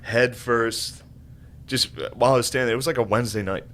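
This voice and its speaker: A man's voice: medium pitch, steady tone, fairly quick, a bit bright, a little hiss or hum. A man casually telling a story on a podcast, swearing, laughing and acting out what people said. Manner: loose, laughing, swearing, acts out quotes.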